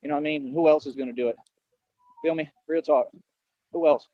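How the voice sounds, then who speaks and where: Boastful fast-talking man, high voice. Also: fairly even intonation, dry recording, highs cut off. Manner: boastful, repetitive, earnest. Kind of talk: rambling street monologue.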